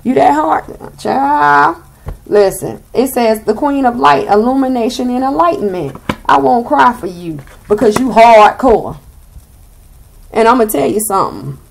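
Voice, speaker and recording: A woman's voice: on the high side, lively intonation, measured pace, gravelly, slight background noise. A young woman with a Southern US accent giving a blunt, sassy tarot reading and swearing freely. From Southern United States. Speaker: tarot reader.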